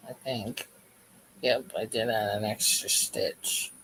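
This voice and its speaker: A man's voice: lowish voice, fairly even intonation, slow pace, bright, forceful tone, a little hiss or hum, low-quality recording. A man hosting a crochet livestream, chatting casually and jokily while reading the live chat aloud as he works.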